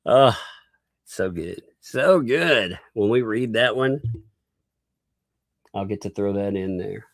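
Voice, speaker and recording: A man's voice: on the low side, lively intonation, slow pace, pauses often, no room sound. A man hosting a casual live-stream commentary, rambling, laughing often and restarting his sentences. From Southern United States. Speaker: YouTube commentary host.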